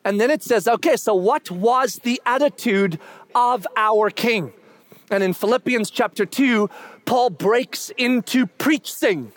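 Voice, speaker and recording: A middle-aged man preaching a sermon in a notably high voice. He talks in an animated way and swells to loud, excited shouting at his peaks, then drops back to plain explaining. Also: measured pace. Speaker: pastor.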